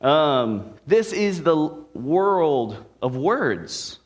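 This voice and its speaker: A man's voice: on the high side, big pitch swings, extremely slow. A male pastor preaching a sermon in a conversational way, with playful asides to the congregation. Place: church sanctuary.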